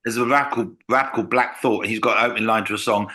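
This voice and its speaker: Fast, bright-voiced English comedian. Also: male voice, lowish voice. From England. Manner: animated storyteller, acts out quotes. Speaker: comedian guest. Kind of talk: casual podcast conversation.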